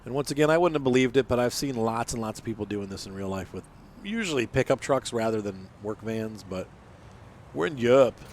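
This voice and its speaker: A man's voice: mid-range voice, lively intonation, a little fast, darkish tone, slight background noise. A man hosting a farming game let's-play, talking casually and rambling as he plays, with some teasing banter. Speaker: gaming channel host.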